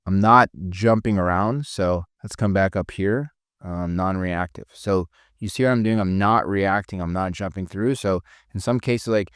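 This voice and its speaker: A man's voice: low-pitched, normal speed, clear, resonant tone, no room sound, studio quality. A man coaching on sales in loose, casual teaching talk, full of fillers. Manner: loose, filler-heavy, conversational.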